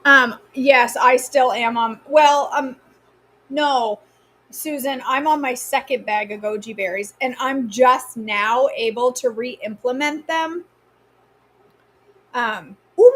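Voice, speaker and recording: A woman's voice: sits high, slow pace, a bit bright. A woman with a Maine accent hosts a live cooking stream from her home kitchen. She chats casually and teasingly, answering viewers by name as she cooks.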